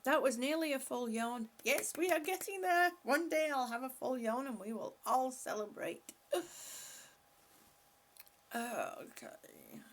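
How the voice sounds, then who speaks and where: A woman's voice: high voice, lively intonation, normal speed, hardly any pauses, a little hiss or hum. A woman reading viewer comments aloud on a live stream and answering them in a chatty way, laughing often. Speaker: vlogger reading live chat. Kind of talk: casual live-stream chat.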